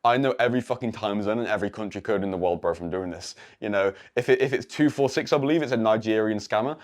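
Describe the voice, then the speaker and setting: A teenage guy from England who coaches online gives a blunt, meandering screen-share tutorial about coaching, loaded with slang and swearing. He talks quickly in a voice on the low side, from an indoor room lit by a projector.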